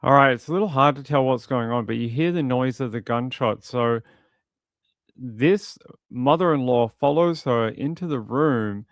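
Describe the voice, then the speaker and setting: A man casually commenting on a crime video, with animated, mocking retellings of what people said. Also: mid-range voice, moderate pace, dry recording.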